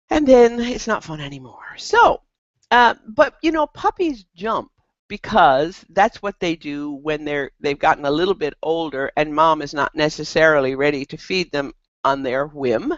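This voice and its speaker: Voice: mid-range voice, no echo, lo-fi sound. A dog trainer giving casual, practical advice, often restarting sentences mid-thought. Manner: animated, loose, with frequent restarts. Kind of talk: casual instructional talk.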